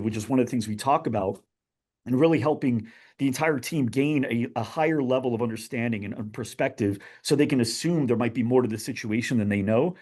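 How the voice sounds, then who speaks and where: A man guesting on a podcast, telling a parable in an animated way and asking his listeners questions. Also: medium pitch, breathy edge. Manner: animated storyteller who addresses his listeners directly. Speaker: guest, business author. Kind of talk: podcast storytelling.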